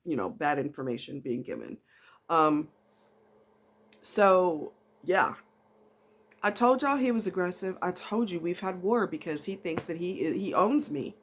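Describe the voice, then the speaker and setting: A woman's voice: lowish voice, sing-song, a little slow. Chatty woman vlogging, twang. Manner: chatty, rambling, getting emotional and laughing. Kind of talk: casual talk to camera.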